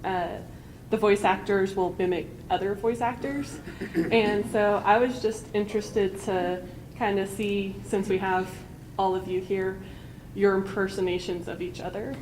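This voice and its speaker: A woman's voice: mid-range voice, fairly even intonation, a little slow. A woman in the audience asking a panel a hesitant question. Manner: hesitant, ends in a laugh. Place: large convention hall. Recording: noisy crowded hall.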